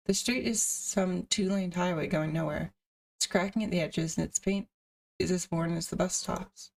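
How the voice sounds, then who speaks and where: Woman streamer, gravelly voice, far from mic, plain narration with casual asides. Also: lowish voice, moderate pace. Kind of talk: reading a visual novel aloud with asides.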